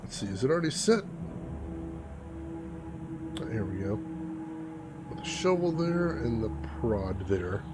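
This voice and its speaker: A man giving casual, excitable commentary while playing a video game. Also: mid-range voice, unhurried, long pauses, loud music behind the voice. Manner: excitable, jumpy exclamations. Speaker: gaming streamer. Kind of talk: casual let's-play commentary.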